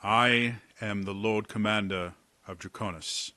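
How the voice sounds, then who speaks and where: A man's voice: on the low side, steady tone, unhurried, sharp tone, no room sound. A man voicing a stern, formal dragonborn commander in a tabletop game.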